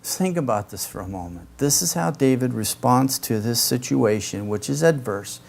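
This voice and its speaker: Man, pastor, expository sermon, conversational asides, mid-pitched voice. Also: expressive, normal speed, creaky, darkish tone.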